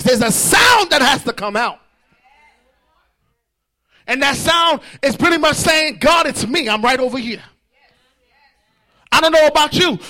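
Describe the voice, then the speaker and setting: A man preaching a fervent sermon in church, shouting and repeating his lines. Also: very high voice.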